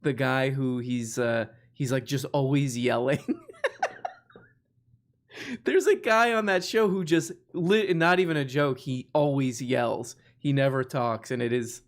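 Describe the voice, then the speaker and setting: A man's voice: mid-range voice, unhurried. A man hosting a live stream, chatting loosely with many restarts and frequent laughs. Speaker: host. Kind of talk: casual live-stream chat.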